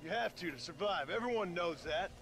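An actor playing a blunt, stubborn frontier gunman who talks in a flat, accusing way. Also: high voice, fairly quick, vocal fry.

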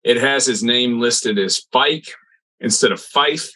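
A man casually recapping a sitcom episode on a podcast, rambling and halting with restarts. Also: medium pitch, pushed and bright, poor audio. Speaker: podcast co-host.

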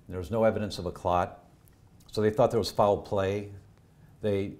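A middle-aged man, a doctor, telling personal family stories in an interview, earnest, his voice going from animated to hushed. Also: fairly low pitch. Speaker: doctor and health educator. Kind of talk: emotional personal storytelling in a podcast interview.

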